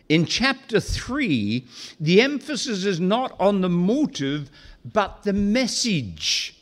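Slow, emphatic, high-voiced male preacher. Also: big pitch swings. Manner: deliberate, emphatic, slows for key phrases. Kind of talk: expository sermon.

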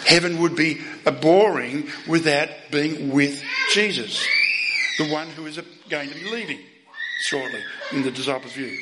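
A man preaching a sermon, emphatic, asking the listeners rhetorical questions and swinging between loud and soft. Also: fairly high pitch, normal speed, slight background noise, low-quality recording.

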